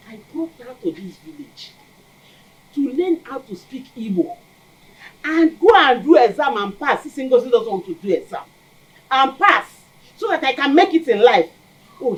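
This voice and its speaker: A woman's voice: sits high, animated, moderate pace. A middle-aged woman with a Nigerian accent playing a domineering village mother who scolds and repeats her threats. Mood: complaining. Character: domineering scheming village mother, quick-tempered. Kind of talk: Nollywood film acting.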